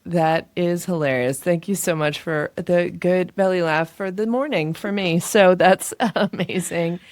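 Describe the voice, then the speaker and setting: A woman's voice: lowish voice, measured pace, a little mellow, no echo. A woman hosting a podcast, affirming her guest, laughing often, and saying how much she relates. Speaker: podcast host. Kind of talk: casual podcast chat.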